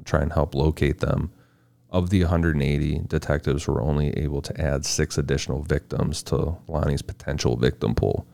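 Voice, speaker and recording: A man's voice: a bass voice, vocal fry, mellow, no echo. A man co-hosting a podcast, reading out researched facts in a casual tone and adding short asides. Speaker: podcast co-host presenting the research. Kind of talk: casual true-crime podcast narration.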